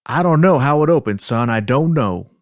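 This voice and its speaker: A man's voice: mid-range voice, animated, normal speed, no room sound, studio quality, close to an everyday voice. A man voicing a rattled older male fisherman with a put-on Southern US drawl, acting out a transcript on a podcast. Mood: shaken insistent. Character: shaken older male fisherman after a UFO encounter.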